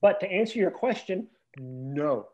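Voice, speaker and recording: Animated, indignant male podcast host. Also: high voice, measured pace, highs cut off. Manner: animated, indignant ranting with restarts. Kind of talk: casual chat.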